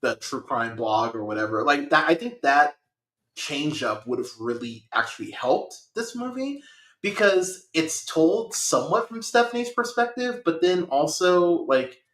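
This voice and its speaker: A man with a high, bright and forceful voice rants through a movie review, swearing freely and building up steam. His podcast chat rings in a roomy, echoey space. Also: measured pace. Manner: animated, profane, ranting. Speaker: podcast host.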